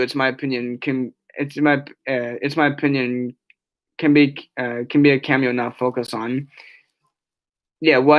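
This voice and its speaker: A tired young man chatting on a casual live stream, reading chat aloud and rambling with many restarts and fillers. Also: mid-range voice. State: yawning, tired.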